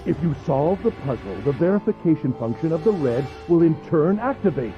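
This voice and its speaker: A pompous, cruel gentleman villain for a game, who taunts with a lively, sing-song lilt. His voice is a little higher than most men's. The audio is slightly muffled, with game music behind. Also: fairly quick. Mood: smug. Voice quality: pompous, mocking. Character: smug, cruel older male captor. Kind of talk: video game voice acting.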